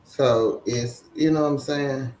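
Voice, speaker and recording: Laid back guy co-hosting a livestream, slow and chatty, echoey room. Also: mid-range voice, steady tone, a little mellow, a little hiss or hum. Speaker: livestream co-host. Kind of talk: casual livestream chat and job advice.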